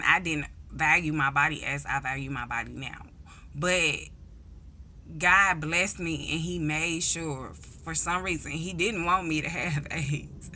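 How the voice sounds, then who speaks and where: A woman's voice: on the low side, pushed and bright, slight background noise. A young woman with a St. telling blunt, profane stories in a casual vlog, acting out the voices of people she quotes. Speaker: vlogger. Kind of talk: casual storytelling monologue.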